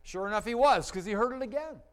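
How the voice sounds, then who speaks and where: A man preaching a sermon as a pastor, telling stories with lively emphasis, sometimes loud, sometimes dropping quiet and slow, asking the congregation questions. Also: high voice, poor audio. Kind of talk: sermon storytelling.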